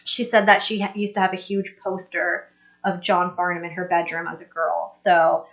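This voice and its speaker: A woman hosting a live stream, chatting casually and reading viewer comments aloud in an upbeat, think-out-loud way. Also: fairly low pitch, level tone, normal speed, vocal fry. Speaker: host.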